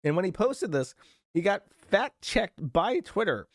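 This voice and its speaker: A man's voice: high-pitched, sing-song, a little slow, dry recording, studio quality. A man hosting a commentary show, rambling through his points in a mocking, sarcastic way with fillers and restarts. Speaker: host.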